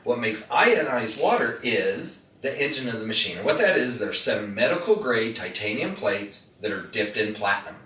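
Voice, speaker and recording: Man, lively pitch, folksy storyteller, live demo, echoey room, distant mic. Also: normal speed, few pauses. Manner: folksy storyteller who quizzes the crowd. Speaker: product demonstrator. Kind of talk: live sales demonstration to an audience. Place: indoor room with audience.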